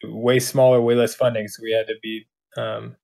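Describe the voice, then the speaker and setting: A man's voice: mid-range voice, level tone, normal speed, gravelly, darkish tone. Brief: male cop guest on a podcast, swears freely, cracks up at his own stories. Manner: laughing storyteller, blunt and profane. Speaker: police officer guest. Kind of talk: casual podcast chat.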